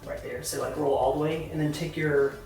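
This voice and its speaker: A woman's voice: low voice, fairly even intonation, fairly quick, darkish tone. Chatty Southern woman directing a photo shoot. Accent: Southern American. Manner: upbeat, chatty coaching with many fillers. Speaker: boudoir photographer. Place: indoor photo studio, roomy. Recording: echoey room, mic far off, faint music.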